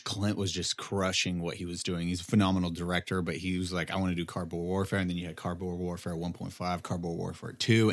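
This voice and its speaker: A man in his thirties telling a story in casual chat, animated, acting out quotes in a raised voice, swearing and laughing often. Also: sits low. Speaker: podcast co-host telling a story.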